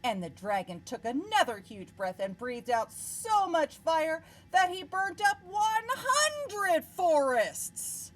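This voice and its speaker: Expressive teacher reading to children. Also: female voice, very high-pitched, takes it slowly, hardly any pauses, poor audio. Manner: expressive, asks children questions. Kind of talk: reading a picture book aloud to children.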